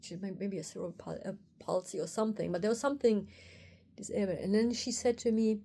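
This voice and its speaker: A woman tells a personal story straight to camera. Her voice is warm and mellow, and her delivery is candid and animated, and she often slips into quoting her own thoughts. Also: mid-range voice, fast, slight background noise. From Germany. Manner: candid, animated retelling with quoted inner thoughts. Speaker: osteopath and video host.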